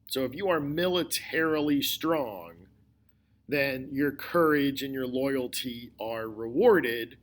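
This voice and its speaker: A male history teacher giving a recorded lecture, explaining slowly and deliberately, often repeating his key points. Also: medium pitch. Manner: slow, deliberate explaining with repetition.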